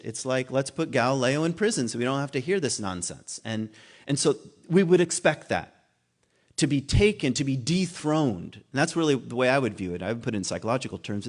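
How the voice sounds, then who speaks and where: Man giving a musing, casual sermon. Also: medium pitch. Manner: conversational and musing, laughs at himself, many restarts. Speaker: guest speaker at a spiritual community. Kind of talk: informal sermon talk.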